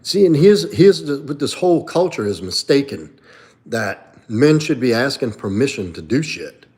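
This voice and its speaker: A man's voice: mid-range voice, big pitch swings, normal speed, darkish tone. A man hosting a live stream, answering viewer questions from chat in a blunt, profane, opinionated way. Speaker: livestream host and coach. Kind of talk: casual livestream chat.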